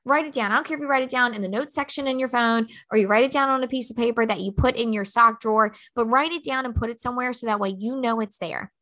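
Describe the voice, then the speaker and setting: A woman's voice: on the high side, fast talker, few pauses, sharp tone. A woman in her thirties hosting a motivational podcast, talking bluntly and emphatically with lots of fillers. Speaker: podcast host.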